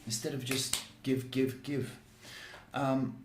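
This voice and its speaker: A man's voice: medium pitch, flat delivery, takes it slowly, background noise. A male psychic host answering viewers' questions on a live stream, chatty and reassuring, often saying "okay" and "folks". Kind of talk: live-stream advice chat. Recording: echoey room.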